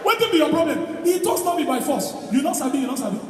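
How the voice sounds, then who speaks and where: Loud Nigerian comedian in an echoey hall. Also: male voice, very high-pitched, fast talker. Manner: loud, animated storytelling in Pidgin, shouting punchlines. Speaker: stand-up comedian. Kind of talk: live stand-up comedy. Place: large hall with live audience. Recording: echoey hall recording from far off, crowd noise.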